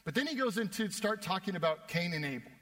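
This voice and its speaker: A young man preaching a sermon, telling a self-deprecating story with animated delivery. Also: high-pitched, fast talker. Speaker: pastor. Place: church worship space. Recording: long reverb of a church hall.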